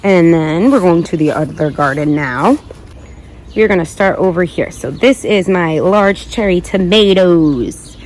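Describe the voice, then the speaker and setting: A woman's voice: fairly low pitch, lively intonation, unhurried, a little mellow, a little hiss or hum. A woman giving a casual garden tour vlog outdoors, chatty and rambling, thinking aloud and correcting herself as she goes. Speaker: gardening vlogger.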